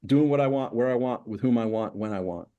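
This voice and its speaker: A man's voice: medium pitch, a little fast, mellow, highs cut off. A middle-aged man being interviewed as a success coach, talking in emphatic, repeated lists of steps. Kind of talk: interview conversation.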